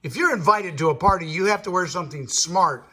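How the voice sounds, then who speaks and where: A man's voice: high voice, brisk, pushed and bright. A man voicing a fussy, bossy male pirate parrot who scolds in a storybook reading. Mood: scolding. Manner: stern, scolding, prim.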